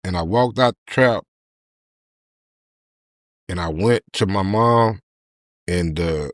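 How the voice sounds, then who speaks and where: Speaking slowly in a low voice, a middle-aged man shares his story as a podcast guest. He retells it with animation, performing the quoted voices of others, and the studio sound is clean and echo-free.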